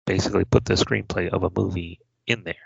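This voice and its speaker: A man's voice: low-pitched, steady tone, fast talker, gravelly, slightly rough, dry recording, muffled recording. A man co-hosting a podcast in casual chat, dry and understated in manner. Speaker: podcast co-host.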